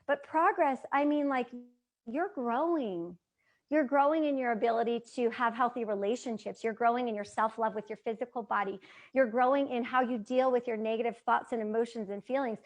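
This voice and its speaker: A woman in her thirties giving an earnest motivational talk to an audience, repeating phrases for emphasis. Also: sits high. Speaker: motivational speaker.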